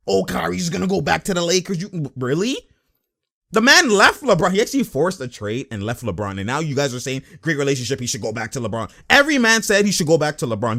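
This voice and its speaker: Animated man ranting about basketball. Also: sits high. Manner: heated, emphatic, rhetorical questions, slangy. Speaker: sports commentary vlogger. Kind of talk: casual basketball rant to camera.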